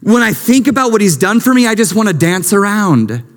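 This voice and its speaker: Middle-aged male pastor, higher-pitched, fervent sermon delivery, big reverberant sanctuary. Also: big pitch swings, brisk. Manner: impassioned, swings from hushed to lifted. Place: church sanctuary. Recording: long reverb of a large hall.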